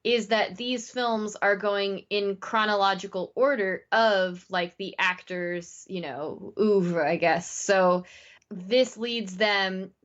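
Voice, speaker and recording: A woman co-hosting a podcast, retelling scenes with animated energy and frequent "like" fillers. Her voice sits at a middle pitch. The recording sounds slightly dull and lo-fi. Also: slow. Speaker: podcast co-host. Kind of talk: casual recap chat.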